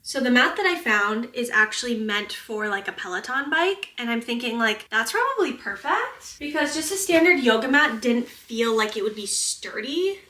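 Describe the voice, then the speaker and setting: An American woman chatting casually in a home vlog, gushing and excitable, with lots of "like". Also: on the high side, normal speed, hardly any pauses. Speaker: vlogger.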